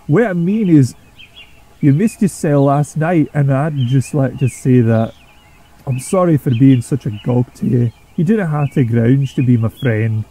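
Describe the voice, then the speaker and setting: A man's voice: mid-range voice, measured pace, dark tone. Duncan, a man doing a grumpy Scottish engine. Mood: grudging. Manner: gruff, blunt, grumbling.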